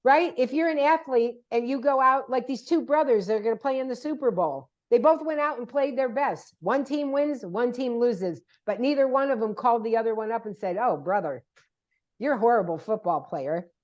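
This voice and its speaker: An older woman speaks as a podcast guest with a somewhat high voice, telling her stories with emphasis and acting out the voices of the people she quotes. The recording is dull and lo-fi, with the top end rolled off. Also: a little fast, hardly any pauses. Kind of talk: casual podcast chat. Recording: dull lo-fi sound.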